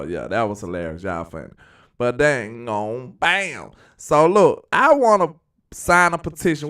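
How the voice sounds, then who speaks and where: A man co-hosting a casual sports talk show, playful and animated, often laughing as he rants. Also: medium pitch, clean tone, distant mic.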